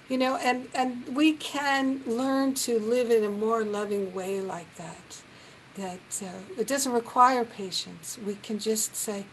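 Gentle, earnest woman with a high voice. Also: slow pace, slight background noise, rough recording. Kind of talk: reflective spiritual talk.

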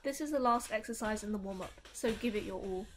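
Young woman, calm instructor voice-over, clear and encouraging, faint hiss behind. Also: medium pitch, fast. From United Kingdom. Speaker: taekwondo stretching instructor.

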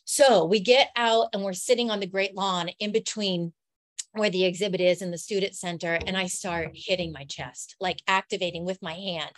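Brief: middle-aged female podcast host, earnest and heartfelt storyteller, mid-pitched voice. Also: normal speed, no room sound. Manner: emotional, earnest, animated storytelling.

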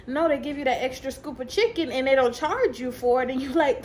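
A woman delivers a fervent, preachy motivational faith talk with a fairly high voice. She slows down to press her points home and mixes in casual asides and light laughs. A faint hiss sits under the recording. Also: darkish tone, poor audio. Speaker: Christian motivational coach.

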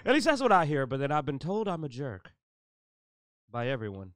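A male co-host with a lively, bouncing voice throws teasing, self-deprecating jokes into the conversation. His tone is bright and smooth, recorded dry and close. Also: a little high, a little fast, no room sound. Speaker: podcast co-host. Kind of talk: joking banter.

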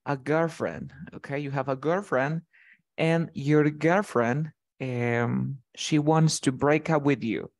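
Male English teacher, slow and patient, repeats points and checks comprehension. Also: a little high, a little mellow. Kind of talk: bilingual vocabulary lesson with a student.

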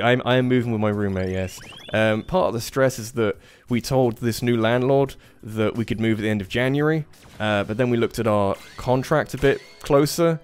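A young man streams a fighting game, chatting casually about moving house and swearing at his opponents in this relaxed gaming commentary. His voice is smooth and medium in pitch, with faint game music playing behind him.

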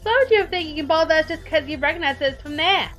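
A woman's voice: sits high, lively intonation, quick pace, fairly bright tone, highs cut off, soft background music, pitched above the performer's own voice. A woman voicing a clingy, prickly troll girl. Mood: snappy hostile. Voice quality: put-on sitcom-mom voice with a muddled accent. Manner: snappy, defensive, intense. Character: possessive clingy young female troll nerd.

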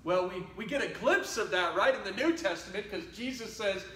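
A man preaching a sermon as pastor, talking conversationally and swinging between loud exhortation and quiet asides. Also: high-pitched, animated, brisk, slight background noise. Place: church sanctuary. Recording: roomy church sound from a distant mic.

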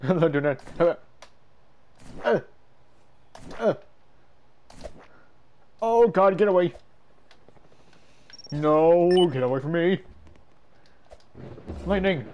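A man giving casual gameplay commentary, excitable and yelping at every mishap, with a stuffy nose. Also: fairly high pitch, very slow, pauses often, highs cut off. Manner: excitable, yelps and shouts at mishaps. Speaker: gaming YouTuber.

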